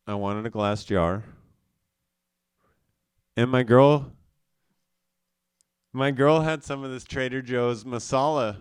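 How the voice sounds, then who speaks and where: A man's voice: mid-range voice, smooth, no echo, clean studio sound. A young man from South Dakota hosting a live show, rambling casually in a loose, profane, self-mocking way.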